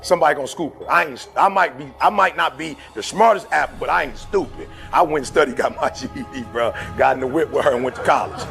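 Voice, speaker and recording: A middle-aged Detroit motivational speaker talks fast with few pauses, his voice a little high, gravelly and fairly bright. The speech is fiery and preachy, full of slangy stories, with faint music underneath.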